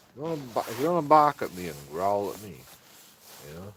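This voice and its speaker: Man coaxing his dogs, swinging pitch. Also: sing-song, fast, very noisy. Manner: coaxing singsong talk to his dogs, mixed with swearing and mock threats. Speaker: streamer. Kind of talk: casual chat with his pets.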